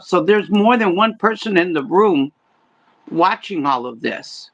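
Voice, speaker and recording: An older woman giving a psychic reading, talking in halting stops and restarts. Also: on the low side, expressive, dull audio. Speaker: psychic medium.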